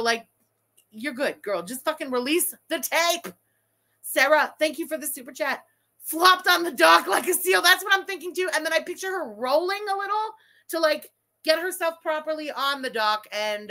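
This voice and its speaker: A young adult woman hosting a casual livestream, reading super chats aloud and ranting with lots of swearing. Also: fairly high pitch. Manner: profane, animated, ranting.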